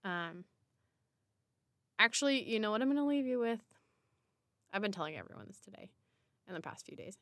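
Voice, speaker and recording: Woman podcast host, solo reflective talk, warmly encouraging, pausing often, dry close sound. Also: mid-range voice, animated, no echo. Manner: encouraging, unhurried, with pauses and restarts.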